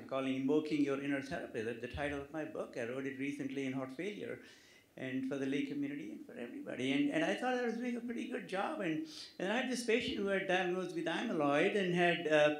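A man, a physician with a non-native English accent, giving humorous closing remarks at a conference, hesitating with many fillers and restarts. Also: fairly high pitch. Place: conference hall. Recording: echoey conference hall.

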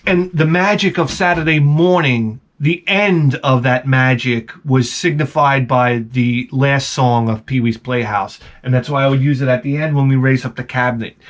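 A man with a young son, telling a rambling, animated story as a toy collecting vlogger. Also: medium pitch, normal speed, hardly any pauses. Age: adult with a young son. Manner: rambling, animated, acts out quoted voices. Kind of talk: casual storytelling monologue.

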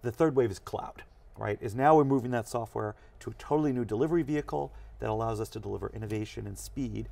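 A man's voice: medium pitch, gravelly. A man, a technology executive, explaining ideas with energy in a studio interview. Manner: energetic, explanatory, fast bursts. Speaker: chief technology officer, guest.

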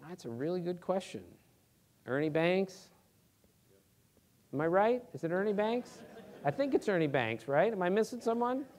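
A middle-aged man, a sports reporter, answering audience questions on a theater stage in an animated, earnest way, with emphatic rhetorical questions. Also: high voice. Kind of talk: live Q&A talk.

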